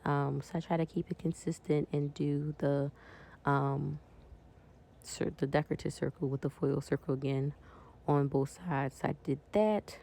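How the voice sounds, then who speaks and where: A woman talks her viewers through her weekend as she decorates a planner, in a relaxed, friendly, chatty way. Her voice is warm and mellow, with a gravelly fry under it. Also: low-pitched. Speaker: planner vlogger. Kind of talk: casual chat while decorating a planner.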